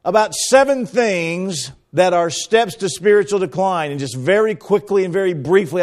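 A man's voice: a little high, a little mellow. A middle-aged man preaching a sermon as pastor, dramatic and swinging his voice up and down as he acts out quotes.

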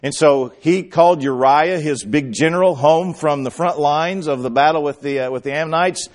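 A man delivers a sermon in a somewhat high voice, retelling scripture as a story. He acts out the quoted lines and builds to emphatic outbursts. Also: normal speed. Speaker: pastor.

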